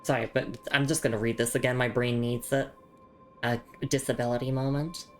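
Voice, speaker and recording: Streaming a game, this young Australian woman keeps her commentary casual and chatty, stumbling over words and repeating them. Her voice sits very low, with a steady tone and a brisk pace. Game music sounds faintly in the background.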